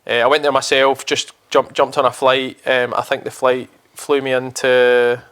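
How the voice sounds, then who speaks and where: A man's voice: medium pitch, little pitch movement, unhurried, fairly bright tone, smooth. A young Scottish man with a Scottish accent, co-hosting a podcast and rambling through a travel story with casual swearing. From Scotland. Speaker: podcast co-host.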